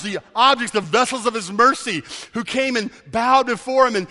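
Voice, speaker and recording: A man delivers a sermon as pastor, his voice pitched high and ringing bright. He presses his points by repeating key words. A long reverb from the large hall trails each phrase.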